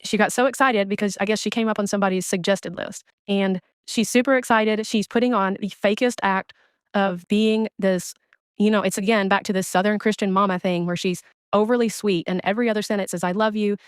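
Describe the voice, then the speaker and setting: Woman, commentary creator; exasperated, blunt delivery; smooth voice, dry close recording. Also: medium pitch, steady tone, a little fast, no echo. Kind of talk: ranting commentary on another streamer.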